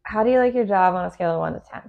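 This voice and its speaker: A woman's voice: medium pitch, very fast, creaky, narrow, tinny audio, soft background music. A woman hosting a podcast, asking blunt questions in casual chat and swearing freely. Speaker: podcast host.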